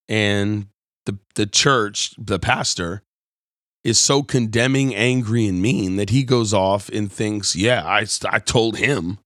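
A man giving a conversational, storytelling sermon as host of his show, moving between quiet reflection and animated retelling. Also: medium pitch, no room sound, clean studio sound. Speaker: pastor. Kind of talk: sermon-style talk.

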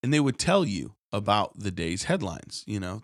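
A man preaching a radio sermon, telling everyday stories and mimicking people in a high, whiny voice. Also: moderate pace, gravelly, no room sound, studio quality. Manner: animated storytelling, mimics others in a high whiny voice.

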